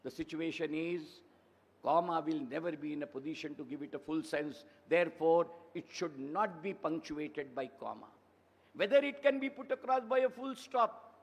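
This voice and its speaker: A man's voice: on the high side, normal speed, vocal fry. A man in his seventies with an Indian English accent, giving a formal ceremonial address in an emphatic, oratorical way and piling up repeated phrases. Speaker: convocation speaker. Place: large convocation hall. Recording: echoey hall reverb.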